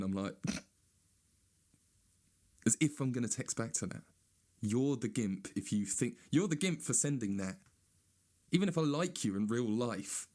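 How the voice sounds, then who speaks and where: A man doing a sweary, sarcastic stand-up rant, now and then mocking people in a high whiny voice. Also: a little mellow. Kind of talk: ranting stand-up monologue.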